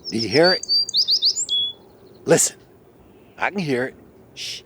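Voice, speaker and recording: A man chatting casually on an outdoor vlog, hushing and coaxing while he walks and sits to listen for birds. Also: mid-range voice, expressive, slow, noisy background. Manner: hushed, coaxing, folksy. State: a bit out of breath. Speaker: vlogger. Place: outdoors in woods.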